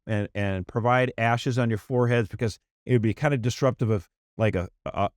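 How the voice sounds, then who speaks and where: A man co-hosting a casual podcast chat, talking in an animated, exasperated way and putting on mocking voices when he quotes people. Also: medium pitch, no echo, clean studio sound. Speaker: podcast co-host.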